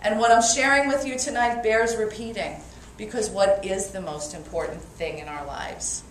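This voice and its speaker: A woman with a Brooklyn accent giving a lively motivational talk to a live audience and calling for their answers. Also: mid-range voice, moderate pace. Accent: New York (Brooklyn). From Brooklyn, New York. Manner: energetic, playful, calls for audience response. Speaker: motivational speaker. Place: meeting room with an audience. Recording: echoey room from far off, faint noise.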